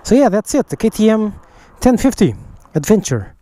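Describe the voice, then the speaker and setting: A man with a high, mellow voice talks through a bike review in a loose, thinking-aloud way. He restarts his sentences, sighs between thoughts, and slips in the odd joke. The sound is dry, with no room echo. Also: very animated, normal speed. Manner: enthusiastic, jokey. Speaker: motorcycle vlogger. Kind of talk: casual spoken bike review.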